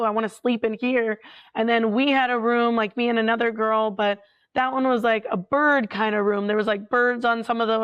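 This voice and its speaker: A woman telling a story in a chatty, animated way as a paranormal investigator guest, full of filler words. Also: a little high, dull audio. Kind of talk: casual storytelling.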